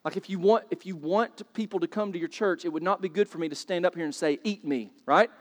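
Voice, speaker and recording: A man preaching a sermon, asking rhetorical questions and rising to loud, emphatic bursts. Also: high-pitched, fast, long reverb tail. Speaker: pastor. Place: church sanctuary.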